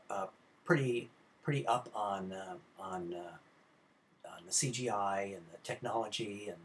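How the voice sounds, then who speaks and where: A man's voice: medium pitch, a little hiss or hum. A middle-aged man giving a recorded film lecture to students, rambling and informal, with many fillers and restarts. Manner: informal, addresses students directly.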